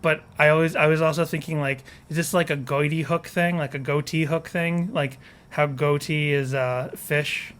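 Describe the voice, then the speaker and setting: A man's voice: on the high side, fairly even intonation, moderate pace, fairly bright tone. Rambling, jokey male podcast co-host. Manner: rambling, self-correcting, jokey. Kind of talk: casual podcast chat. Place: on a porch.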